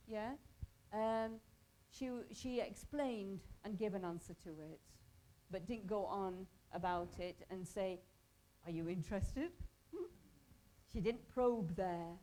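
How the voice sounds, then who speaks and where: A woman's voice: mid-range voice, slow, mellow, low-quality recording. A woman from Pakistan teaching a hospital volunteer workshop, talking conversationally and quizzing the group in a training room.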